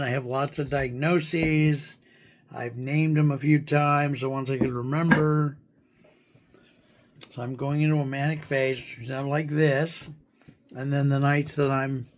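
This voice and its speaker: A man hosting a livestream, talking candidly and plainly about himself at an ordinary middle pitch. His talk is self-disclosing and unguarded. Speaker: livestream host.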